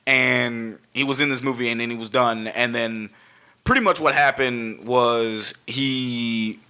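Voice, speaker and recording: Animated, bright-voiced man swearing freely. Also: medium pitch, unhurried, clean tone. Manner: animated, heavy swearing, acts out scenes. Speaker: podcast co-host. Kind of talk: casual chat.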